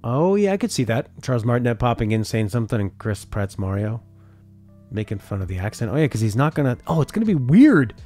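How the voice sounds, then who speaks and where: A man's voice: medium pitch, big pitch swings, fast, dark tone, faint music behind. A man streaming a casual reaction chat, talking things over and reading viewer comments aloud before answering them. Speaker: streamer reacting to a game showcase.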